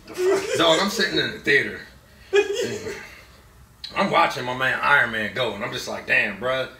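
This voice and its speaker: A young man giving a casual movie review, excitable and profane, often laughing through his words. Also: mid-range voice, normal speed, far from the mic, a little hiss or hum. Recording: echoey room, off-mic.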